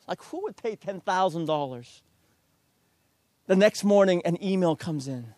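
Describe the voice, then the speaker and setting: Unhurried high-voiced middle-aged preacher. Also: male voice, lively intonation, darkish tone, no room sound, studio quality. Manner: self-deprecating, earnest exhortation. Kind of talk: storytelling sermon.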